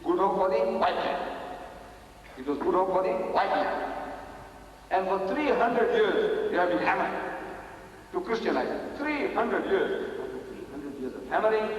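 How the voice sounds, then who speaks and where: A man's voice: on the high side, slight background noise. Older man lecturing in an echoey hall. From South Africa. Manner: emphatic, repeats phrases for effect; swings from loud exclamations to quiet asides. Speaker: Muslim public speaker. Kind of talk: public lecture to an audience. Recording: echoey hall recorded from a distance.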